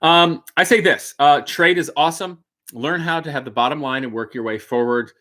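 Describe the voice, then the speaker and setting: A man with a bright, forceful voice, pitched a little high, hosts a casual live stream and answers viewer questions. He talks bluntly and jokes a lot, laughs often, and drops from loud bursts into muttered asides. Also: moderate pace.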